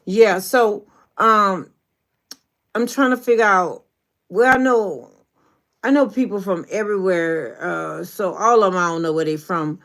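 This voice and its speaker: A Southern woman from New Orleans hosts a relaxed livestream as a YouTube coach. She drawls and chats freely, calling out viewers by name in an easygoing, animated way. Her pitch sits in the middle range for a woman. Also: a little slow. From New Orleans, Louisiana. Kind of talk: casual livestream chat.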